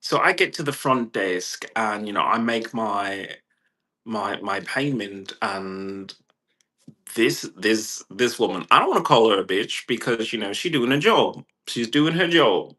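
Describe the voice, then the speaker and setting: Bright-voiced man ranting casually. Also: on the low side, unhurried. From California. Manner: profane, rambling, animated quoted voices. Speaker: vlogger. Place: indoors at home with a puppy.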